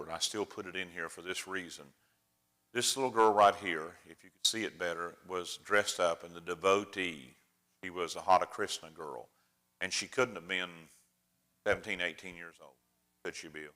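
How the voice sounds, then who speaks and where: A man's voice: sits low, sharp tone. An older man, a preacher giving a chatty, folksy slideshow talk to his congregation. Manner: folksy, chatty storyteller addressing the room.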